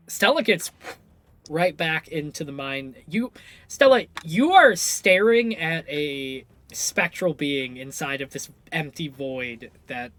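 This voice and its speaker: A man narrating as game master, livening up his storytelling and correcting himself on the fly. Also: fairly high pitch. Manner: animated, quick self-corrections.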